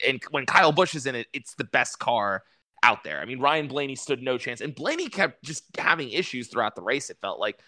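A young man hosting a casual racing chat, excited and swearing freely. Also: medium pitch, a little fast, no room sound, studio quality. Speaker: podcast host.

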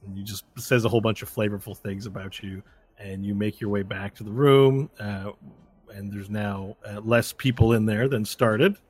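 A man's voice: fairly low pitch, steady tone, normal speed, slightly rough. A man narrating as game master of a tabletop game, rambling with many fillers.

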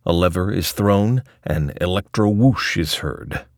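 A man's voice: deep voice, measured pace, no echo, clean studio sound. A man narrating a scripted audio essay with a wry, ornate delivery.

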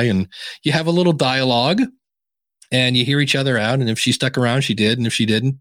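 Lively storytelling man, dry close mic. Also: mid-range voice, a little fast, dry recording. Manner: animated storyteller acting out quoted exchanges. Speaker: podcasting guest and author. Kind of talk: casual interview talk.

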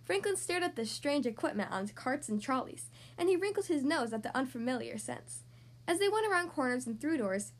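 A woman reading a children's storybook aloud in a gentle, expressive manner. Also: high voice.

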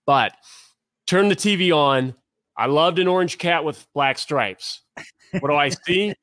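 A man's voice: on the high side, measured pace, fairly bright tone, no room sound, clean studio sound. A man from Tennessee and Ohio, co-hosting a casual sports chat, rambling through long stories and often stopping to restart. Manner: rambling, storytelling, self-interrupting. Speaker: podcast co-host.

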